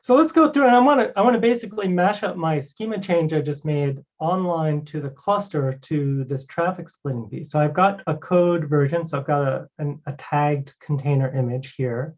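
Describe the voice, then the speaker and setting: A fairly high-pitched man talks through a live technical demo as a guest presenter. He keeps it conversational, sprinkling in "you know" and "right". The stream audio is dull and lo-fi. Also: normal speed, few pauses, a little mellow. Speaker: guest presenter demoing a cloud product.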